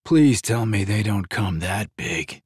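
A man's voice: lowish voice, expressive, slow, a little mellow, slightly rough, no room sound, studio quality, full character voice. A man doing a weary, groaning dragon-shifter father. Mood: exasperated. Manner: muttering, groaning, exasperated.

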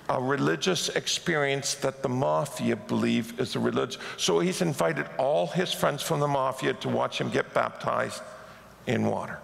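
A man delivers a sermon as a lively storyteller who acts out the people in his stories. His voice sits a little high for a man and is heavily gravelly. The sound rings with the long reverb of a big church hall. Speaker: pastor. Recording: echoey hall.

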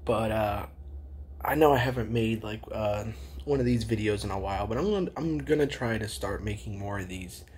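Excited young man vlogging. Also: on the low side, moderate pace, a little hiss or hum. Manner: excited, rambling with restarts. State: tired after little sleep. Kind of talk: casual vlog.

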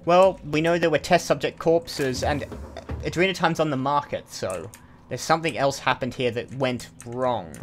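A man talks through his game in a chatty, thinking-aloud way, full of asides as he plays. His voice sits at an ordinary middle pitch. Faint music plays under him. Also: normal speed. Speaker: let's play host. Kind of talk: casual game commentary.

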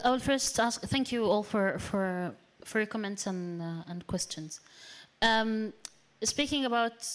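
A woman's voice: fairly high pitch, a bit bright. Hesitant woman speaking at a panel. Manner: hesitant, many fillers and restarts, grows emphatic. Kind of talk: panel discussion remarks. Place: seminar room.

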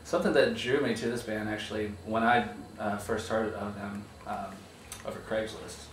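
A man in his thirties who plays bass, talking in a wry, hesitant way in a casual interview. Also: fairly even intonation, normal speed. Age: 30s. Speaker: bass player. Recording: echoey room from far off, with faint noise.

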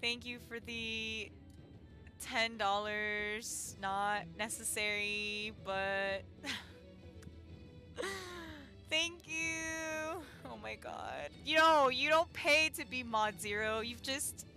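Bright-voiced young woman streamer, giggly. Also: fairly high pitch, extremely slow, faint music behind. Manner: giggly, flustered, emotional. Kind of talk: casual live-stream chat.

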